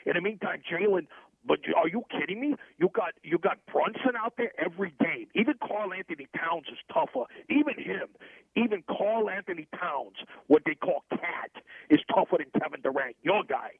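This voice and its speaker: A man puts on a brash, shady middle-aged hustler with a thick North Jersey accent. His voice is raspy and gravelly, a little high for a man, and he rambles through one boast and hard sell after another. It comes over a tinny, dry phone line. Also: expressive, normal speed, no room sound, heavily acted. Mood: boastful. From New Jersey. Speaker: comic caller character. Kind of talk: comedic sports radio bit.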